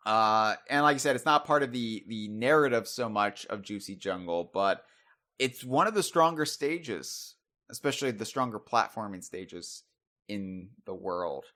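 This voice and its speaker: A man's voice: on the low side, lively intonation, unhurried, pushed and bright. Musing male podcast host. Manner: musing, thinking aloud. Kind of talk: casual podcast chat.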